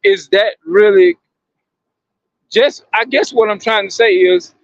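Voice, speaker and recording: Gravelly man musing aloud to viewers. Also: sits high, slow, no echo, muffled recording. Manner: questioning, repetitive, emphatic. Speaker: commentator addressing viewers. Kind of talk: casual monologue to viewers.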